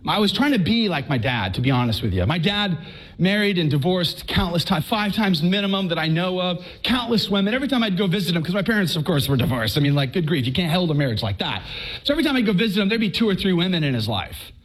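A man from Texas with a noticeably high voice tells his faith story to a crowd of listeners. He is a lively, comic storyteller who stammers and repeats words to land his punchlines. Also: quick pace, low-quality recording. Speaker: speaker giving his conversion testimony. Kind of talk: humorous personal testimony told to a live audience. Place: speaking before an audience.

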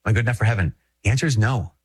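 A Catholic priest from Minnesota giving a conversational, emphatic reflection, repeating phrases and chuckling often. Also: male voice, lowish voice, rapid-fire, breathy edge. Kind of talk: spoken reflection to an audience.

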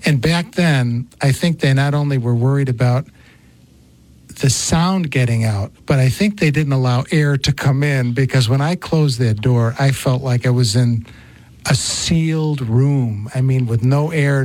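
A man's voice: medium pitch, unhurried. Storytelling man, radio host. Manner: storytelling, animated. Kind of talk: casual chat.

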